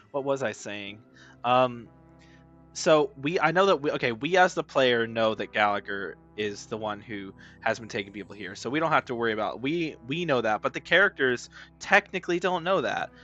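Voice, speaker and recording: A male streamer rambles and jokes in casual slang while playing a game. His voice is bright and forward, the recording slightly dull and lo-fi. Faint music runs underneath. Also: mid-range voice, moderate pace. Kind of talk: casual gameplay commentary.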